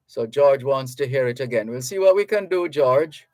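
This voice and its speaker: A man's voice: mid-range voice, expressive, a little mellow, no room sound. A man from Jamaica hosting a radio talk show in a studio, chatting to listeners and reading out their messages. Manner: slow, chatty, reads listener messages aloud. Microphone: studio microphone.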